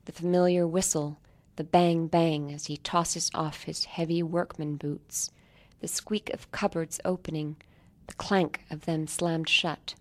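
Low-voiced woman reading her story. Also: fairly even intonation. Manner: measured, softly dropping to near-whispers. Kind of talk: literary reading.

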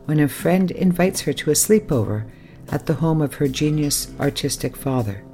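A man introducing a writer on a radio program, reading slowly and deliberately. Soft guitar music plays beneath his voice. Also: on the high side, gravelly. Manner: measured, slow, deliberate reading. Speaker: radio show host.

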